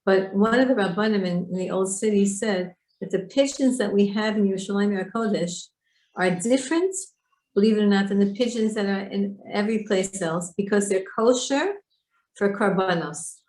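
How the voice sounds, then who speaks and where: A woman leads an online Torah class, unpacking Hebrew words and putting questions to her students. Her voice sits at a middle pitch. The recording rings with room echo. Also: moderate pace, a little mellow. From Israel. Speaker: Torah teacher. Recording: echoey room.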